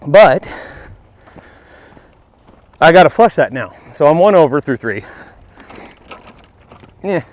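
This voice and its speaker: A man's voice: on the high side, animated, slow pace, long pauses, dry recording. A man vlogging his own round of golf outdoors, talking to the camera between shots, self-deprecating and now and then out of breath. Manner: self-deprecating, talks to the camera while playing. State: out of breath at times. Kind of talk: casual on-course commentary.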